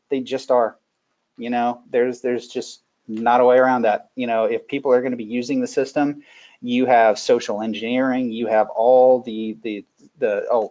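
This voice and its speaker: A man in the middle of his pitch range talks through a security presentation in a folksy, animated way, dropping in stories and asides. The sound is muffled and lo-fi, like a web session. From Northern Virginia. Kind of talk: conversational webinar presentation.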